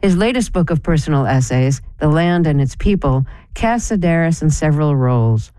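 Smooth, measured radio host voice. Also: mid-range voice, expressive, mellow, no room sound. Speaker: radio host introducing a guest. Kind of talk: scripted broadcast introduction.

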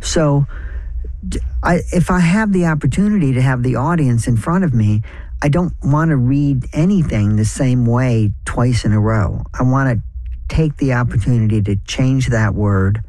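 Brief: male author, 60s, lively raconteur, mellow voice, dry studio sound. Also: dry recording. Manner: animated storyteller, jumps in pitch for emphasis, quick asides. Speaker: author, interview guest. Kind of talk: conversational interview.

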